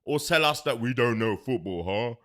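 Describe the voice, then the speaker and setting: Lively, bright-voiced male host. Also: medium pitch, moderate pace. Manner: playful, teasing, emphatic. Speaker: show host. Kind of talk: casual sports chat.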